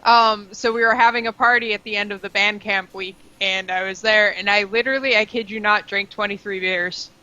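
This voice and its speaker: A woman with a bright, crisp voice chats casually and laughs easily. The recording sounds dull and lo-fi. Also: medium pitch, fairly even intonation, brisk, few pauses. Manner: chatty, laughs often. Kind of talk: casual chat.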